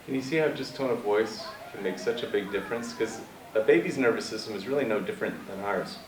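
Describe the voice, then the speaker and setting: A man giving a conversational presentation to high school students, asking them questions. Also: fast talker. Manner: conversational, asks the audience questions. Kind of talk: presentation talk. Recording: echoey room, far from mic, faint noise.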